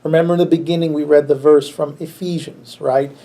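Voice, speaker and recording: A pastor teaches a church Bible class in a loose, conversational way, breaking into chuckles and circling back over his words. He is a man with a fairly high voice that carries plenty of gravelly fry. His tone stays dark and mellow. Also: fairly quick. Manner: relaxed, chuckles often, frequent restarts.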